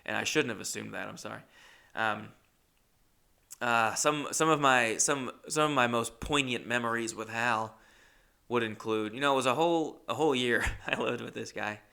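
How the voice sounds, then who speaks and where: A man's voice: medium pitch, moderate pace, creaky, pushed and bright. A young man telling comic stories in a rambling, self-interrupting way, swearing casually as he goes. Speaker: comedian.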